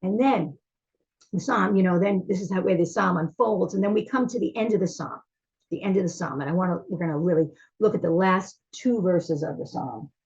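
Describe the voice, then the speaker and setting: A woman's voice: fairly low pitch, fairly quick, darkish tone, dull audio. A woman teaching a class, talking in a heartfelt, searching way with many fillers and restarts.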